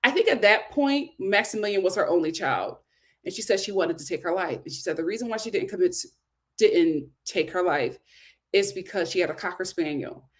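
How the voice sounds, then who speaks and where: A woman's voice: on the low side, lively intonation, fairly quick. A woman hosting a casual reality TV recap, emphatic and exclamatory, who repeats phrases for effect.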